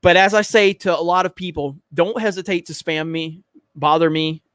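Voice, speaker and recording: A man's voice: fairly high pitch, moderate pace, fairly bright tone, clean tone, no room sound. A man hosting a livestream, reading chat in a blunt, profane, joking way. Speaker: livestream host.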